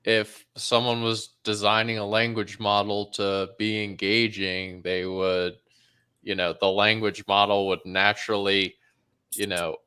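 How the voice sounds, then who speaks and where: A man on a podcast, musing slowly and hedging his thoughts. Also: fairly low pitch, flat delivery, sharp tone, clear, resonant tone. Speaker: podcast co-host. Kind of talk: casual chat.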